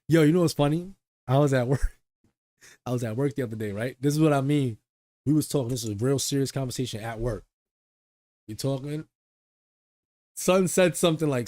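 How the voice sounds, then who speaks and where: A man's voice: a little high, quick pace, pauses often, warm tone, dry recording. A young man, a streamer, chatting casually and rambling in slang to his viewers, often mocking himself. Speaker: streamer reacting to a video.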